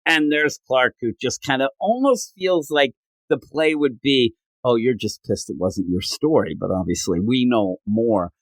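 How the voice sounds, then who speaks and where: A man's voice: mid-range voice, expressive, unhurried, dry recording. A man co-hosting a casual comic book podcast, retelling scenes and acting out characters' lines in changing voices. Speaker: podcast co-host.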